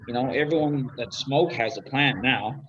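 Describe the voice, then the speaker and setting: A man with a mid-range voice speaks at normal speed against a noisy background, over dull lo-fi video-call audio. He's a guest on a video-call chat show, laid-back and casual, swearing now and then and trailing off into mumbles.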